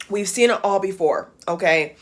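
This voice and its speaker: A woman's voice: medium pitch, husky. A woman giving impassioned vlog commentary, emphatic and blunt, repeating phrases for emphasis and swearing. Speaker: YouTube commentator.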